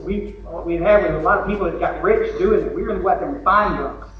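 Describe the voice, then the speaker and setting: Quick and high-pitched, a Texan man delivers a joking, folksy recovery talk at a convention, slipping in acted asides from the podium. The sound is distant and lo-fi, bouncing around a large convention hall, with slight background noise.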